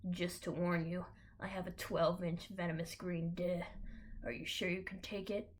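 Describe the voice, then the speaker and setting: A woman's voice: level tone, moderate pace, a little hiss or hum, close to an everyday voice. A woman doing a cool, purring older man. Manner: low, purring, half-whispered.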